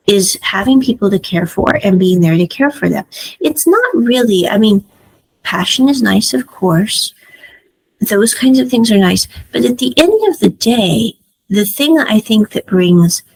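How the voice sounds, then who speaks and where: A woman's voice: medium pitch, slightly rough, rough recording. A woman giving a casual, chatty spoken review of a drama series, retelling scenes with frequent asides.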